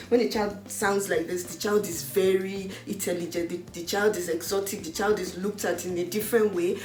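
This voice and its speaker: A woman with a Nigerian accent in a casual chat, agreeable and quick to finish the other speaker's sentences. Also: medium pitch, a little mellow. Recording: echoey room.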